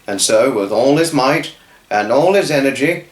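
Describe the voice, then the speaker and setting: A man telling a children's story off the cuff, halting and restarting his words. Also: medium pitch, animated, echoey room. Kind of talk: improvised storytelling.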